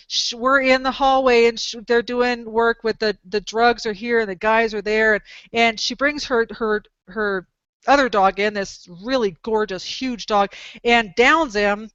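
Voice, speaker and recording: Bright, crisp-voiced woman telling animated stories. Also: a little high, measured pace, no room sound, dull audio. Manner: animated, rambling anecdotes with exclamations. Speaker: podcast host, dog trainer. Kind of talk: casual storytelling chat.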